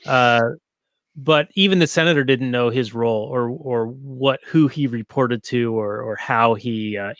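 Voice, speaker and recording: Podcast co-host, man, mid-pitch voice, dry close sound, rambling, filler-heavy. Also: no echo. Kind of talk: casual movie review chat.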